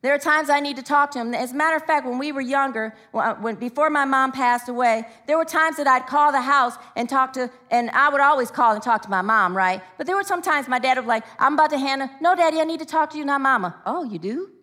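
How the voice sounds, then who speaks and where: Female preacher, emphatic call-and-response sermon, bright tone. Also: sits high, fast talker, few pauses. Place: church.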